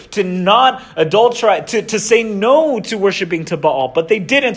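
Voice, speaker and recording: A man's voice: high voice, a bit bright, slightly rough. A young man giving a casual sermon, retelling scripture in slangy everyday words with many restarts. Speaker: preacher.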